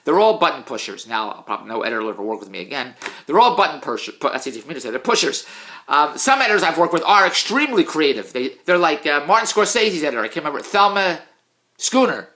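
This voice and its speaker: A middle-aged man in a casual, self-mocking rant, swinging between low mutters and loud outbursts. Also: animated, quick pace. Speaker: vlogger, TV producer. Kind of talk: casual ranting monologue.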